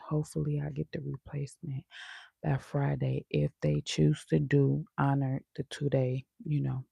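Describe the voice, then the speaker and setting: A woman's voice: sits low, gravelly, dark tone, husky, no room sound. A woman vlogger in casual live-stream chat, talking in a chatty, sassy way with laughing asides.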